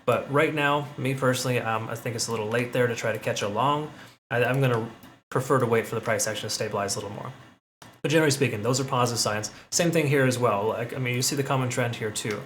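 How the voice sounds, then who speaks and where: A man's voice: mid-range voice, fairly bright tone. A man hosting a crypto analysis channel, talking casually through chart readings and often checking in with "okay?" and "right?".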